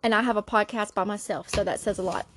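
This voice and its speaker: A woman's voice: medium pitch, steady tone, quick pace, a bit bright, slight background noise. A woman, hosting her own podcast and telling funny family stories in a chatty, playful way. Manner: chatty, laughing, playful impressions. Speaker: solo podcast host. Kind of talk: casual storytelling chat.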